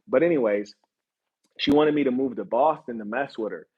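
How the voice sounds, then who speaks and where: A man's voice: mid-range voice, normal speed, husky, phone-quality sound. Blunt, mocking man hosting a livestream. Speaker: host. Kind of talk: livestream commentary.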